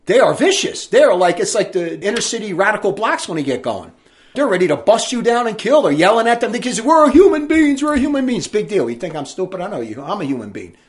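A man delivering an indignant, forceful monologue with emphatic delivery. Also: high voice, big pitch swings, fast talker. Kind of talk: ranting monologue commentary.

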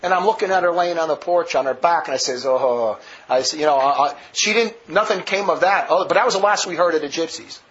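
A man's voice: a little high, quick pace, hardly any pauses, fairly bright tone. A man preaching a sermon full of stories, vehement and rambling, with many restarts, on a dull lo-fi recording.

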